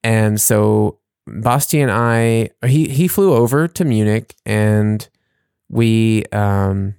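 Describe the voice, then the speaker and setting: A man's voice: lowish voice, takes it slowly, gravelly, darkish tone, clear, resonant tone, no room sound. Chatty man with a dry, close sound. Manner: rambling, laughs at his own jokes. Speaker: podcast co-host. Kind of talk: casual chat.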